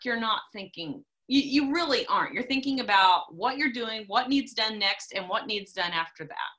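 A middle-aged woman talking casually, blunt and emphatic, often repeating herself for force. Her voice is bright and forward, sitting in the ordinary range for a woman. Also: medium pitch, animated, moderate pace, few pauses. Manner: emphatic, blunt and repetitive when preaching farm safety. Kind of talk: casual chat.

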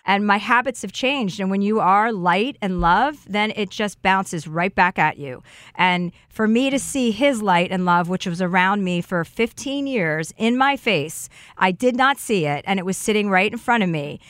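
A woman's voice: medium pitch, expressive, moderate pace, no room sound. A woman chatting openly and emotionally about healing and love as a podcast guest. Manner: emotional, effusive, warm-hearted talk of healing. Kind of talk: casual heartfelt chat.

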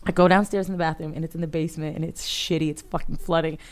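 A woman's voice: deep voice, steady tone, fast. A woman co-hosting a podcast, telling a wild story in a profane, dramatic, casual way. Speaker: podcast co-host.

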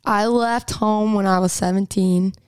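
A woman's voice: mid-range voice, steady tone, measured pace, darkish tone, smooth, no room sound. A chatty 22-year-old woman from Texas, a singer talking in a radio interview, laughing often and rambling through restarts. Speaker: singer-songwriter guest. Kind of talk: casual radio interview chat.

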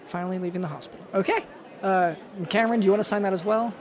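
A man's voice: high-pitched, very fast, a crowd in the background. A man performing an improvised comedy scene, hesitant and stammering with lots of awkward fillers.

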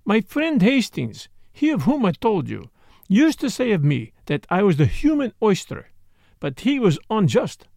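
A man's voice: high voice, huge pitch swings, a little slow, vocal fry, darkish tone, no room sound, clean studio sound, heavily acted. A man voicing a sly, courteous foreign detective who speaks formally and blandly.

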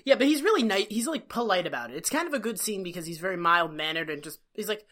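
Bright-voiced woman recapping a show. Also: mid-range voice, fast talker. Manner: profane, joking, animated retelling. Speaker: podcast co-host. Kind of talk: casual recap chat.

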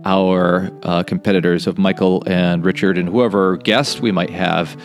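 A man's voice: sits low, steady tone, unhurried, faint music behind. A man hosting a podcast, chatting casually and rambling with fillers and restarts. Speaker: podcast host.

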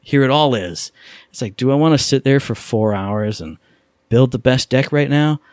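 A man co-hosting a casual podcast chat, telling rambling, excitable stories. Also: mid-range voice, normal speed, no room sound, clean studio sound. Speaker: podcast co-host.

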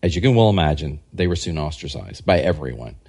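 A man, a historian and scholar, giving a casual podcast interview and telling rambling, animated anecdotes. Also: very deep voice, fast talker, husky. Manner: rambling, animated anecdotes that act out quoted people. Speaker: guest historian and religious scholar.

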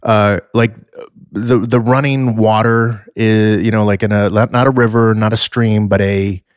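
Low-voiced man in playful casual chat. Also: fairly even intonation, smooth, no echo, studio quality. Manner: playful, deliberately drawn-out pronunciations. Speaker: podcast co-host.

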